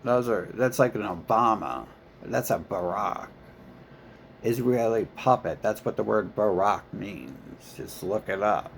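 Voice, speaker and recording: A man's voice: fairly low pitch, animated, a little slow, gravelly, a little hiss or hum. A man talking in a rambling, profane monologue full of filler words and restarts.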